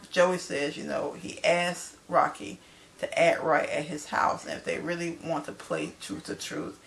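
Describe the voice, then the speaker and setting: Gravelly-voiced woman rambling through a tv recap, chatty, lots of y'all, faint hiss behind. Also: deep voice, a bit bright. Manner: chatty, loose, addresses viewers as y'all. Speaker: TV show recapper. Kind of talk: casual spoken recap.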